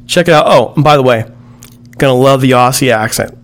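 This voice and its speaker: A man hosting a sports podcast, talking briskly and hurrying along. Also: mid-range voice, a little hiss or hum. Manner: brisk, hurried. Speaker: podcast host. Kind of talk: sports podcast talk and ad read.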